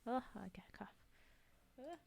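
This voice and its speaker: Young woman, live streamer, casual chat, giggly, mellow tone, higher pitch. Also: expressive, normal speed, creaky, husky. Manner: giggly, laughs often between remarks.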